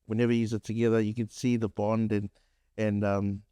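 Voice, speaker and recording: Relaxed man hosting a podcast. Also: lowish voice, a little fast, clear, resonant tone, dry recording. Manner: relaxed, loose with fillers. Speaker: podcast host. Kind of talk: casual interview.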